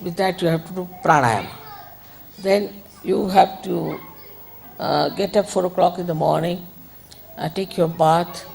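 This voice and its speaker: A woman giving an informal spiritual talk, conversational and digressive, gently admonishing her listeners. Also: fairly low pitch, unhurried, creaky, long pauses, slight background noise, low-quality recording. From India. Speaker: spiritual teacher.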